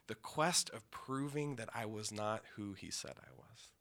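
A man's voice: on the low side, fairly bright tone. Intense man telling a personal story. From Yakima, Washington, USA. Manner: emotional, intense, with pauses and restarts.

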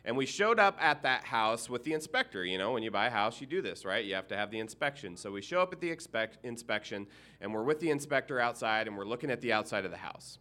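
A middle-aged man, a minister, telling a humorous personal story in an animated way and acting out the people in it. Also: medium pitch, fast. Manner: animated, humorous, acts out characters.

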